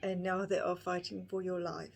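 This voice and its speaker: A woman in her fifties telling her own story to camera in a halting, emotional way, with many restarts. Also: on the low side, little pitch movement, gravelly. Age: 50s. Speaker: vlogger. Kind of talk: personal storytelling.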